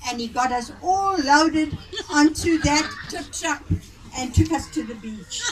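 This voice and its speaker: A woman's voice: high voice, expressive, a little slow, noisy background. A woman with a South African accent telling family stories at a reunion, often laughing as she goes. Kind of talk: casual family storytelling. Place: outdoor family gathering. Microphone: phone recording from a distance. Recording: distant phone recording with chatter around.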